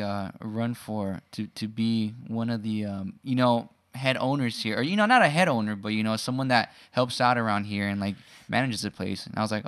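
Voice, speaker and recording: A man's voice: lowish voice, a little fast, few pauses, fairly bright tone, dry recording. A man co-hosting a casual podcast, telling a rambling story full of fillers and restarts. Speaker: podcast co-host. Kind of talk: casual chat.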